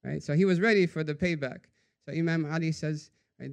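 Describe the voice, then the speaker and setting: A man giving a storytelling sermon in a conversational way, often adding "right?" and dropping to a hushed voice for quoted sayings. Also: a little high, fairly even intonation, fairly quick, creaky, few pauses. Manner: conversational, says "right?" after nearly every phrase. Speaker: religious teacher.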